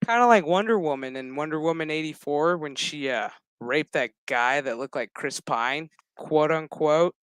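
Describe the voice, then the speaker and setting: A man's voice: on the high side, moderate pace, hardly any pauses, a bit bright, clear, resonant tone, no echo. A man streaming a casual reaction review of a show to his chat, retelling scenes in a sassy, profane, exaggerated way. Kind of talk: casual crude reaction commentary.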